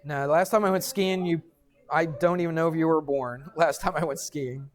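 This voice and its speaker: A middle-aged man, a math teacher, telling a story to his class and lecturing in an animated way, checking in with students as he goes. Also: on the high side, moderate pace. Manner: animated, addresses students directly with frequent "right?".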